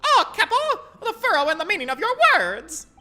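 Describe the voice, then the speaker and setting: A man reading game dialogue as an excitable young con man with a put-on Italian accent, exuberant and theatrical. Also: very high-pitched, moderate pace, pitched above the performer's own voice, full character voice. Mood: gleeful.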